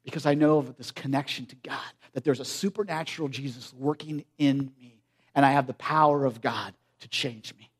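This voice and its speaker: A man preaching a sermon in an earnest, emphatic way, swinging from loud stresses to hushed lines. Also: mid-range voice, normal speed, breathy edge.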